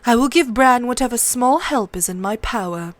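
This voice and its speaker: A woman reading aloud, voicing a witty, sharp-tongued small nobleman with a dry, wry delivery. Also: on the high side, animated, moderate pace, no echo, close to an everyday voice.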